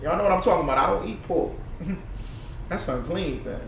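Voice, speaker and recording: Animated high-voiced man preaching in an echoey room. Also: moderate pace, creaky. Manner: animated, preachy and profane, laughing often. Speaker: online commentator. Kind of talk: reaction commentary on played clips. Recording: echoey room, far from the mic, faint noise.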